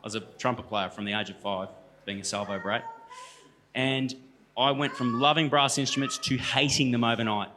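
A man's voice: medium pitch, fairly even intonation, normal speed, noisy background. A man in his thirties with an Australian accent, a guest speaker telling stories to a church audience in a chatty, joking way that speaks to the crowd directly. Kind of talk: storytelling talk to a church audience. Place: church hall.

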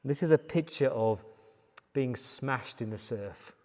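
English male pastor, emphatic sermon delivery, mid pitch, long church reverb. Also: slow pace, darkish tone. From England. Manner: emphatic, building repetitions.

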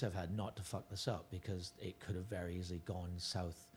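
A man's voice: deep voice, flat delivery, fairly quick, hardly any pauses, darkish tone, slightly rough. A middle-aged man, a touring stand-up comedian, chatting casually as a podcast guest and rambling with restarts and self-corrections.

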